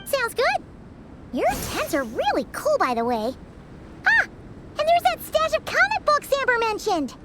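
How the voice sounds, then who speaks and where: An actress playing a friendly, chatty young traveler in a game. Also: female voice, very high-pitched, wildly swooping pitch, measured pace, heavy background noise, heavily acted.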